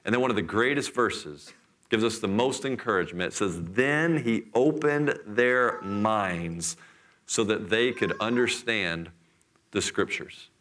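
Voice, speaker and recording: A middle-aged man preaching a sermon in church, telling a scripture story with lively, acted-out voices. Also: fairly low pitch, normal speed. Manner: animated storytelling, acts out voices. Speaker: pastor.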